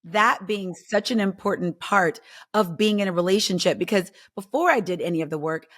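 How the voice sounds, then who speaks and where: A woman's voice: medium pitch, moderate pace, a bit bright. Earnest woman podcast host. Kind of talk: podcast conversation.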